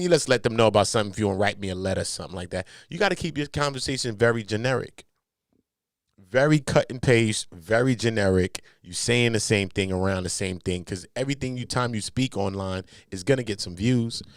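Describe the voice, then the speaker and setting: A Los Angeles man delivers casual, animated commentary, trading jokes in heavy street slang and shifting into a low, serious voice to explain. The audio is clean studio sound with no echo.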